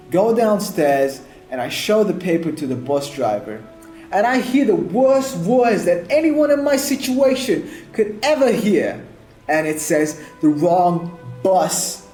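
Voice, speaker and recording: A man tells a personal story with big swings, climbing high when he gets excited and dropping low when it turns grim. His voice is a touch high for a man. The room around him is echoey, with faint music playing underneath. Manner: animated, swings between excited rises and low sad murmurs. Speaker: video editing YouTuber. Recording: roomy echo with faint music bed.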